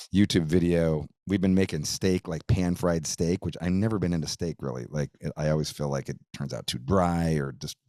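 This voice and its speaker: A man's voice: deep voice, darkish tone, no room sound, studio quality. A middle-aged man, hosting a podcast and telling a long casual story, rambling and profane, saying "dude" and "like" a lot. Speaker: podcast host.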